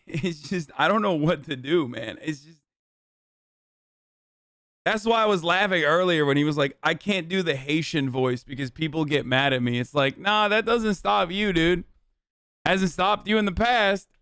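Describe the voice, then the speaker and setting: A man hosting a stream, reacting in casual commentary, animated and profane, often laughing. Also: on the high side, measured pace, no echo, studio quality. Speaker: streamer host.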